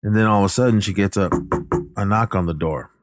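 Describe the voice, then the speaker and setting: A man's voice: on the low side, fast talker, no echo, faint music behind. A man casually retelling a film plot, rambling, backtracking to correct himself and briefly acting out the characters' lines. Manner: acts out the characters' lines in passing.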